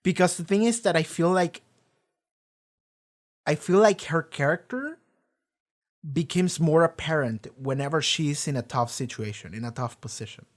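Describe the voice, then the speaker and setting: A man hosting his own channel, talking casually with rambling, animated delivery and casual swearing. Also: a little high, moderate pace, long pauses. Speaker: reaction channel host. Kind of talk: casual discussion.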